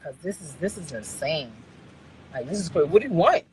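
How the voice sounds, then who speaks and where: A woman's voice: sits low, expressive, a little fast, darkish tone, slight background noise, poor audio. A woman on a live stream scolding her viewers in a blunt, profane rant, repeating phrases for emphasis. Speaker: livestreamer talking to viewers.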